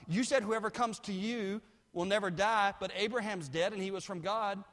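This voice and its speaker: A male pastor preaching a sermon, swinging from quiet asides to shouted peaks. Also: a little fast, hardly any pauses. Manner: builds from low asides to shouted climaxes. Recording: long hall reverb.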